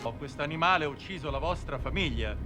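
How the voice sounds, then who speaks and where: A man's voice: fairly high pitch, lively intonation, rapid-fire, natural voice. An actor playing a fierce male priest casting out a demon, declaiming commands in a show clip, heard with music behind. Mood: commanding. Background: background music.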